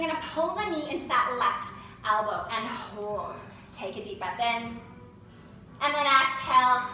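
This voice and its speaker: This woman's high voice is bright and forceful as she coaches a yoga class through poses and breaths with encouragement. Recorded indoors at a distance, the room is very echoey and there's a little hiss or hum.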